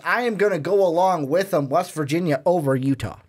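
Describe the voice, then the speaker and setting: A man's voice: a little high, a little fast, a little mellow, breathy edge. A man co-hosting a casual sports podcast, chatty and jokey as he talks through games and picks. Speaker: podcast co-host.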